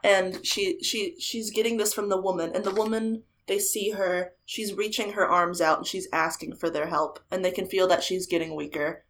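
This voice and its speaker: A woman's voice: medium pitch, moderate pace, few pauses, a little hiss or hum. A woman casually retelling a ghost story to a friend, acting out the quotes as she goes. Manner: animated retelling with acted quotes. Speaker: podcast co-host retelling a ghost show.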